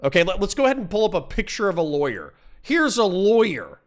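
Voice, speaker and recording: His voice sits high and swoops wildly in pitch. A young Floridian streamer, he fires a combative, foul-mouthed rant directly at chat, interrupting himself, apologizing, then diving back in.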